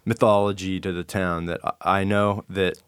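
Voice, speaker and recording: A man's voice: sits low, level tone, normal speed, fairly bright tone, clean tone, no room sound, clean studio sound. A man from Arizona, a cartoon creator chatting casually as a podcast guest, rambling and wry, with many restarts.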